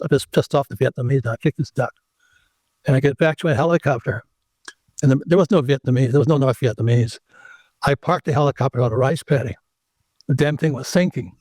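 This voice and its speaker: An older man spins a rambling anecdote as an interview guest, his voice sitting a little high for a man and jumping higher when he acts out the people in his story. The recording is dry and close, with no room sound. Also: no room sound. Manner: animated anecdote teller who acts out the people in his stories.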